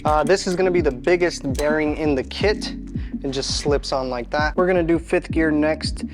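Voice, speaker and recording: A casual home mechanic explains each step out loud as he works. His voice sits a little higher than most men's, and he keeps things loose and self-mocking. Faint music plays softly behind him. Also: normal speed. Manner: chatty, self-deprecating, talks to himself mid-task. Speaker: home mechanic channel host. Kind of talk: casual how-to narration while working.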